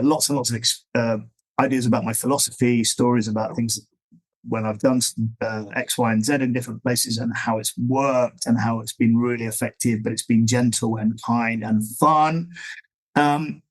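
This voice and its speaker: A middle-aged man being interviewed, talking in a loose, meandering way as he explains his ideas. His voice sits at an ordinary middle pitch, and he keeps an easygoing, conversational tone throughout. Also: rough recording. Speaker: guest, dog trainer.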